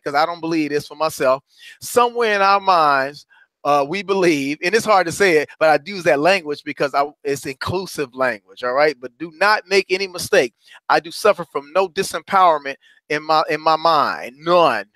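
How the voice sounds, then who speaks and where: High-voiced man coaching with preacherly emphasis. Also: bright, forceful tone, no echo. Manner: preacherly, addresses listeners as brothers and sisters; emphatic, repeats phrases for effect. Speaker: host and courage coach. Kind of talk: motivational talk.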